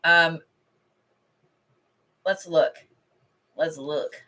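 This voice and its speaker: A middle-aged woman talks from home in a loose, rambling way, swearing casually between card readings. Her voice is bright and forward but sits a little low. She sounds like a host chatting live with regular viewers. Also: steady tone, very slow. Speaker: intuitive card reader.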